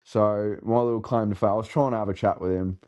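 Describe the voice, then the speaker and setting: A man's voice: fairly low pitch, steady tone, fast talker, mellow. A young Australian man telling a rambling party story in casual chat, laughing and swearing a lot. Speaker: co-host telling a road-trip story.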